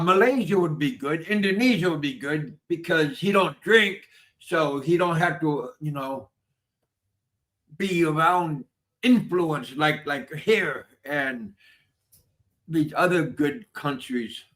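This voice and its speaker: A man hosting a casual chat, speaking in a calm, measured drawl. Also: fairly high pitch. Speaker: host.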